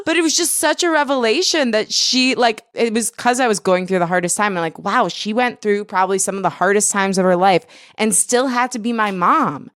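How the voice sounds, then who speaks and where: A woman hosting a podcast interview, affirming her guest warmly and laughing readily. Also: mid-range voice, brisk, hardly any pauses, no echo, studio quality. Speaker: podcast host. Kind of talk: interview conversation.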